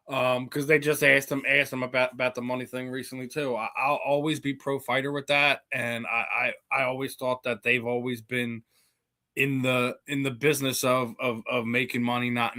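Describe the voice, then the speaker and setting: A man's voice: medium pitch, level tone, moderate pace, pushed and bright. A man hosting a podcast interview, chatting loosely, repeating words and saying dude. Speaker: podcast host.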